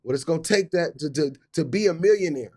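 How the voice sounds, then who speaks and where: A man's voice: on the high side, lively intonation, fast, darkish tone. Give me a man, fired up and repetitive as he coaches on a live stream. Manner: hyped, repetitive, casual slang. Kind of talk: motivational live talk.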